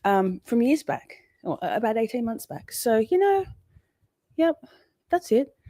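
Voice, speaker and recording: A woman's voice: on the high side, big pitch swings, unhurried, mellow, no room sound, clean studio sound. A woman hosting a casual livestream, rambling and chatty, swearing freely and breaking off to greet her chat. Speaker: livestream host.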